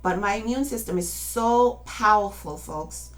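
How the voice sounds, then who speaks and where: A woman's voice: mid-range voice, a little slow. A woman in her late fifties giving an impassioned, emotional personal testimony and urging listeners to act. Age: 50s. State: emotional, near tears at times. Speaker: activist speaking to viewers.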